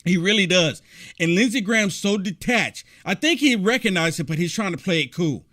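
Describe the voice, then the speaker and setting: A man's voice: high-pitched, lively intonation, normal speed, sharp tone. A man hosting a political commentary show, reacting to clips in a rambling, repetitive, indignant rant.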